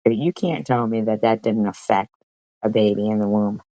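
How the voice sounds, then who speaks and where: A woman's voice: rumbling low, moderate pace, dark tone, no room sound, rough recording. Profane, confrontational woman streamer. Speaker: live streamer. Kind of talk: heated live-stream commentary.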